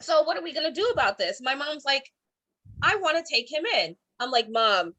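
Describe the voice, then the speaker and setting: A woman comedian in her thirties from Cleveland, telling stand-up stories online with animated voiced quotes. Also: high-pitched, brisk. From Cleveland, Ohio. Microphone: streaming from home.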